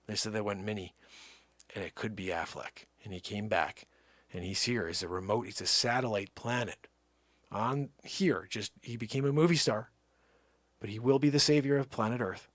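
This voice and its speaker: A middle-aged man making a comedic prank phone call, rambling and exasperated, swinging between low mutters and loud outbursts. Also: normal speed, no echo. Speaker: prank caller.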